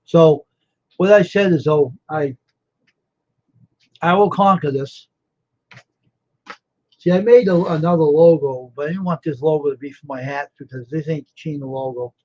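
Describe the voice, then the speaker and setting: A man hosting a casual livestream, tired and yawning but sure of himself. His voice sits a little high, and he rambles as he talks to viewers by name. The audio is dull and lo-fi. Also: normal speed, pauses often, a little mellow. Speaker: livestream host, screen printer.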